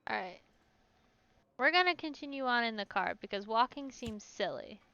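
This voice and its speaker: A woman's voice: fairly high pitch, expressive, moderate pace, creaky, pushed and bright, smooth, no echo, highs cut off. A woman streaming a story game, reading it aloud and chatting about her choices as she goes. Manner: chatty, reacts aloud to the game, stumbles over hard words.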